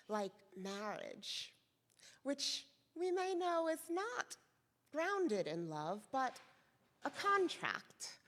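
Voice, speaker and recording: A woman minister giving a soft, reflective sermon, lingering on her words. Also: a little high, long reverb tail. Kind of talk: slow, gentle sermon. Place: church sanctuary.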